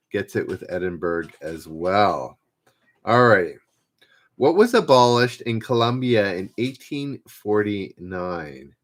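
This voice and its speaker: A man hosting a live-stream trivia game, relaxed and self-deprecating, repeating each question as he reads out viewers' guesses. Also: low-pitched. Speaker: trivia host.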